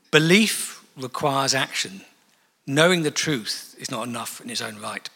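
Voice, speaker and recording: A man preaching a sermon in a church, conversational and animated, with asides and acted-out quotes. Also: on the high side, measured pace. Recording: long reverb of a church hall.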